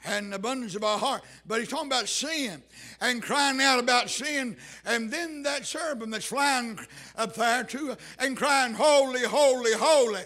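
A fervent male preacher with a high, bright, sharp-edged voice. He drives his points with loud shouted bursts, then drops suddenly to soft, hushed words. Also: moderate pace. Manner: fervent, swings from shouting to hushed near-whisper. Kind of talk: sermon.

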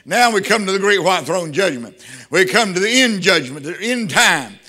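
An older man preaching a sermon, fervent and breaking into shouts of praise. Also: high voice, animated, moderate pace.

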